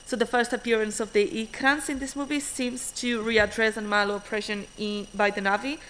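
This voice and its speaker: A woman's voice: a little high, steady tone, fairly bright tone, a little hiss or hum, low-quality recording. A woman reading out an academic conference paper, hurrying and often restarting words with fillers. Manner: hurried, frequent restarts and fillers.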